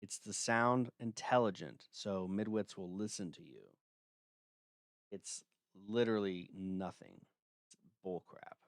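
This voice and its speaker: A livestream host talks casually in a lowish, unhurried voice, sounding blunt and dismissive and using plenty of filler words. The audio is clean studio sound with no echo.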